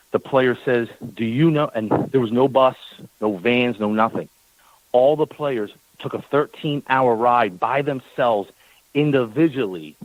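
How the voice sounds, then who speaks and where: Brief: male talk-radio guest, lively storyteller, middle pitch, dry close mic. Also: no room sound, highs cut off. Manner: animated storyteller, acts out quoted exchanges; repeats words when worked up. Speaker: team owner guest.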